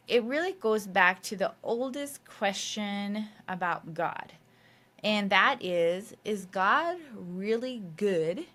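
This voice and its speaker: A woman's voice: medium pitch, pushed and bright. Chatty woman hosting a faith podcast. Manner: conversational, loose, frequent fillers and mild swearing. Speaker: podcast host. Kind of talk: casual faith podcast monologue.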